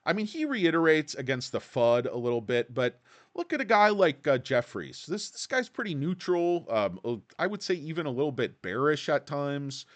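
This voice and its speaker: A man hosting a stock market vlog, ranting angrily about analysts with crude insults. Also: normal speed. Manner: angry ranting, crude insults, lively pitch swings. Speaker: stock market vlogger host. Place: Los Angeles.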